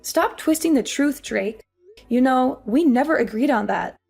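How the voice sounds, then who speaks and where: An actress playing an exhausted young working wife, weary and pleading. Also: female voice, high-pitched, lively intonation, measured pace, vocal fry, a little mellow, slightly rough, faint music behind, exaggerated voice. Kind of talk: audio drama acting.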